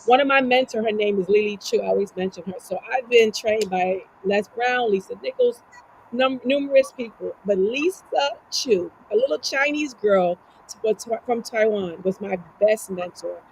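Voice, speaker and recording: A woman's voice: medium pitch, moderate pace, creaky, slight background noise, low-quality recording. A woman who is a life coach and podcast guest, talking earnestly and motivationally, asking herself rhetorical questions. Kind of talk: casual conversation.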